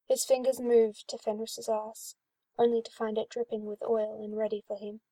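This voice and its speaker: A woman reading a fan-written story aloud in an even, smooth storytelling manner. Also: fairly high pitch, normal speed, dry recording. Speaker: story reader.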